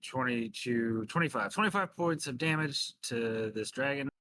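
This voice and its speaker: A man acts as game master for a tabletop game, his voice bright and forward. He narrates blows and counts damage in a casual, easygoing way over a call. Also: mid-range voice, moderate pace, no echo. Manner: casual, descriptive, tallies dice aloud.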